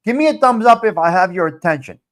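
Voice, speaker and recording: A man's voice: high voice, animated, fast, a bit bright. A man hosting a live stream, answering viewer comments in a blunt, profane, repetitive rant. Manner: blunt and fired up. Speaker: live-stream show host.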